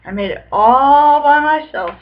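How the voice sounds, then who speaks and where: Clumsy, eager young frog boy, high and exclaiming, read by a woman; lo-fi sound. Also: lively intonation, moderate pace. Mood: excited.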